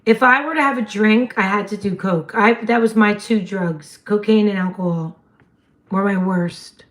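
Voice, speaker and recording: A woman, hosting a casual livestream chat in a slightly hoarse voice and laughing often. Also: medium pitch, normal speed, fairly bright tone. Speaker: livestream host.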